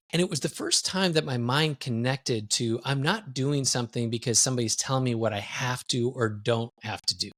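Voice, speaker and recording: Man, podcast guest, mid-pitch, lively candid storyteller. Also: normal speed, few pauses. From Wisconsin, US. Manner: animated, candid, self-deprecating storyteller. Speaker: guest, executive coach.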